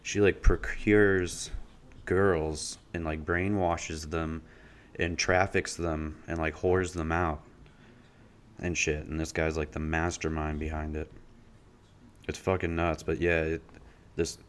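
A man with a very low voice chats on a podcast, rambling and swearing freely. He keeps filling pauses with "like" and "uh" as he tells a story. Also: a little hiss or hum. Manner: loose, profane, rambling with many fillers. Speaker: podcast co-host. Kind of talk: casual podcast chat.

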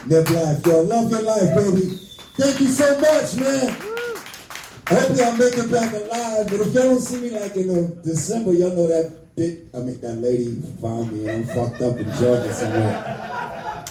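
A man's voice: sits high, moderate pace, noisy background. Brash, profane fifty-something man on stage. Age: 50s. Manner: profane, brash, swings loud and quiet. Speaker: stand-up comedian. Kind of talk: stand-up comedy set. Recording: echoey room, voice far from mic.

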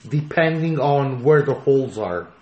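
A man's voice: mid-range voice, lively intonation, a little slow, darkish tone, muffled recording. Guy cracking crude jokes on a podcast, echoey room, faint hiss behind. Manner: crude, joking, wisecracking. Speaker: podcast co-host. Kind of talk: casual podcast chat.

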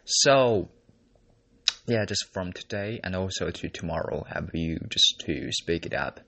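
A young man who is not a native English speaker, a university student talking casually in a vlog, halting with many fillers and restarts. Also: low-pitched, expressive, creaky, pushed and bright. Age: young adult.

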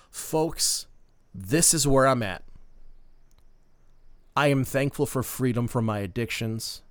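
A man in his thirties from Minnesota speaks slowly and earnestly as a podcast host, pausing with plenty of fillers. His voice is smooth and clear. The sound is dry and close, with no room around it. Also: mid-range voice, no echo. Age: 30s. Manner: earnest, heartfelt, with many fillers. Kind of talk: personal storytelling monologue.

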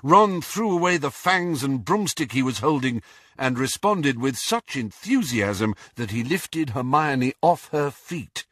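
A man narrates an audiobook, his voice lively and rising and falling freely. The tone is bright with a slight husky grain. It is recorded dry and close. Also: medium pitch, measured pace, dry recording. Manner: expressive storytelling. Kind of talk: scripted narration.

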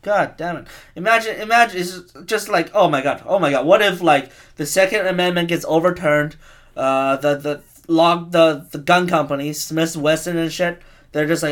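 A man's voice: a little high, moderate pace, fairly bright tone. Rambling, profane man in his twenties. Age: 20s. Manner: rambling, profane, self-mocking. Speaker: podcast host. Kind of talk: casual profane rant.

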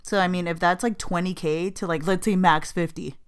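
A woman's voice: fairly low pitch, steady tone, clean tone. Playful, chatty young woman podcaster. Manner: bubbly and playful, quick to laugh, full of "like". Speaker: podcast co-host. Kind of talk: casual podcast chat.

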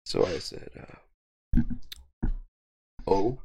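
A young man casually telling a long, profane story with a wry, deadpan edge, co-hosting a podcast. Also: lowish voice, normal speed, vocal fry. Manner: profane, wry, deadpan delivery of quoted lines. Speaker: podcast co-host.

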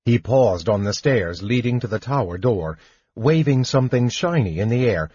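A man narrating an audiobook in a slow, expressive reading. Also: medium pitch, breathy edge, no room sound, highs cut off. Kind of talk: scripted narration.

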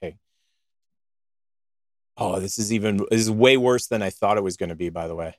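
A man co-hosting a show, chatting in a rambling, jokey and excitable way, cracking himself up as he goes. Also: lowish voice, a little fast, dry recording, clean studio sound. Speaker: co-host of a podcast show. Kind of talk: casual banter.

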